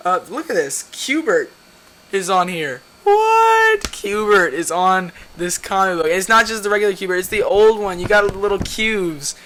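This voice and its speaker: A young man with a high, sharp voice chats his way through a pile of comics. He rambles and stumbles, corrects his own words, and keeps dragging himself back to the point. A faint room hum sits behind him. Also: measured pace. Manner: rambling, loses his train of thought and self-corrects. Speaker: comic book vlogger. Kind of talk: casual rambling video commentary.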